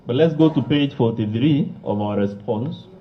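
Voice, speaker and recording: Firm lawyer cross-examining. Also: male voice, mid-range voice, normal speed, muffled recording, a little hiss or hum. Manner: firm, controlling, clipped questions.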